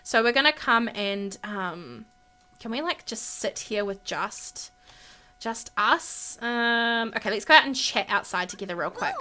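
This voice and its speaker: Bubbly, bright-voiced woman gamer. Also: on the high side, animated, measured pace. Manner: chatty, bubbly, lots of fillers. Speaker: gaming channel host. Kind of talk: casual gameplay commentary.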